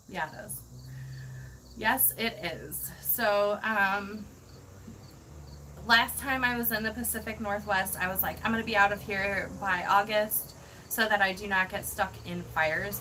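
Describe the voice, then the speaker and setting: A woman's voice: medium pitch, steady tone, a little slow, background noise. A woman hosting a casual van-life livestream, reading viewer comments and gushing with thanks, laughing often.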